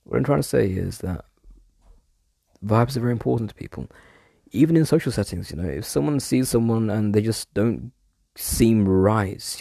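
A man's voice: fairly low pitch, creaky, warm tone, dry recording, studio quality. A man in a rambling, digressive solo monologue, casually chatting and now and then swearing.

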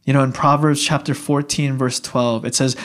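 A man's voice: mid-range voice, normal speed. A young man preaching a sermon in a casual, conversational way, often acting out what people would say. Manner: animated, conversational, acting out dialogue. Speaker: pastor.

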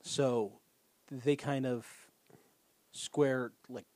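Man calmly narrating a plot. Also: mid-range voice, very slow, no echo. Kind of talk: casual recap chat.

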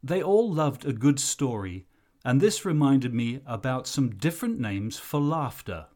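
A man teaching an English lesson, explaining things slowly and carefully. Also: mid-range voice, lively intonation, warm tone. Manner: slow, careful explanatory delivery. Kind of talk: recorded lesson narration.

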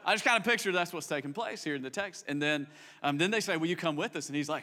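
Bright, animated man preaching a sermon. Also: a little high, a little fast. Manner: animated, acts out voices of the people in the story; drops to soft, quiet tones when reflective. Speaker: pastor.

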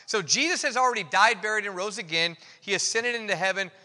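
A man preaching a conversational sermon, candid and self-deprecating, telling it in an animated way. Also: sits high, fast talker. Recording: long reverb of a hall.

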